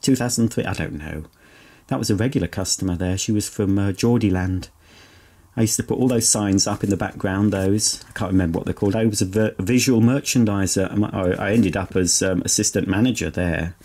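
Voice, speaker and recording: A man's voice: on the low side, darkish tone, slightly rough. A middle-aged man, chatting in a sentimental, self-mocking way as he sorts through old belongings at home. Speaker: vlogger. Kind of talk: casual chat while sorting belongings. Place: home, indoors.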